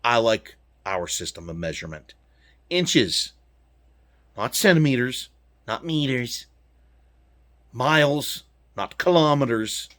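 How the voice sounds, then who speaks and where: A man's voice: mid-range voice, lively intonation, slow, long pauses, fairly bright tone. A man from the United States, ranting to his viewers in a heated, profane way from inside his truck. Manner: swearing, heated, punchy. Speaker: vlogger talking to his viewers. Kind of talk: profane angry rant.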